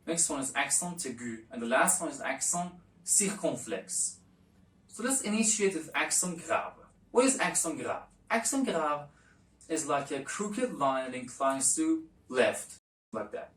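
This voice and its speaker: A woman teaching a language lesson, explaining slowly and repeating each example with fillers. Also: sits low, very animated. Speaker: French teacher. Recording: echoey room, distant mic.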